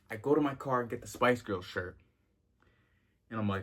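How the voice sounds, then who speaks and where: Slangy young man, low voice. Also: normal speed, long pauses. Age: 20s. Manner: slangy and excitable, with jumps in pitch. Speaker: vintage clothing vlogger. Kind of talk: casual vlog talk.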